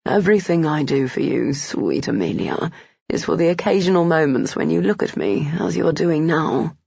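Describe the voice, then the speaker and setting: Here is a charming, tall gentleman who flirts in a slow, low murmur, as a narrator plays him. The tone is gravelly and dry, with a dull, lo-fi sound. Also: animated, no room sound. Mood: flirtatious.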